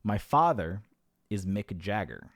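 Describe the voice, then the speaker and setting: A man's voice: lowish voice, wildly swooping pitch, slow pace, no echo, clean studio sound, full character voice. A man voicing a polite, formal male frog asking a bank for a loan in a told joke. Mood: earnest.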